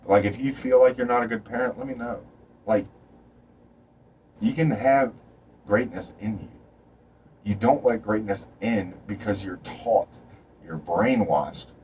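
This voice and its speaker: A man's voice: on the low side, far from the mic, a little hiss or hum. A man giving a rambling, preachy motivational rant to camera, swearing and jumping between topics. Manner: shouts and stretches words when fired up. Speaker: vlogger.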